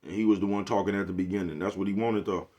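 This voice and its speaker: In a deep, steady, slightly mellow voice, a channel host talks fast to his viewers. It's a relaxed, slang-filled vlog rant, peppered with "you get what I'm saying."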